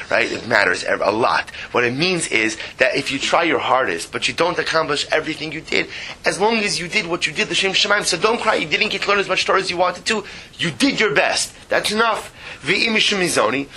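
A man with a bright, clear voice leads a text study lesson, reading passages aloud and explaining them with lively emphasis. He often repeats himself and breaks in with asides to his listeners. A faint rumble sits under his voice. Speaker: teacher.

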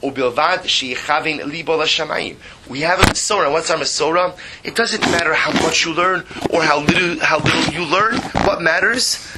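A man teaching a text study class, reading passages aloud and explaining them in a lively way, often repeating phrases and adding emphatic asides. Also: a little high, normal speed, very noisy.

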